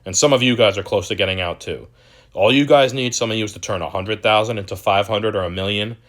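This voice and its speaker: Fast and fairly low-pitched, a young man running a crypto channel vents in a ranting commentary video, swearing, sounding exasperated and mocking whatever he's discussing.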